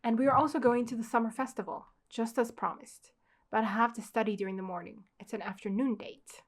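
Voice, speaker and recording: A woman's voice: fairly high pitch, fairly even intonation, fairly quick. A young woman reading the lines of a cheerful teenage schoolgirl in love, in an earnest, sweet manner.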